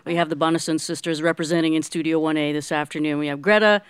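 Bubbly woman radio host, crisp dry sound. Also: low voice, quick pace, no room sound. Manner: bubbly, excitable, gushing. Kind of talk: live radio interview. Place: radio studio. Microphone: studio microphone.

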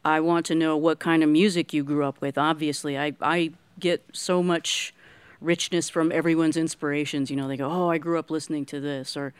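This is a woman hosting a live radio show from the studio. She talks in a bubbly, excitable way and gushes like a fan, and her voice comes through smooth and resonant. The sound is close and dry, with no room around it. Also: low voice, fairly quick, no echo. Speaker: radio host. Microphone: studio microphone.

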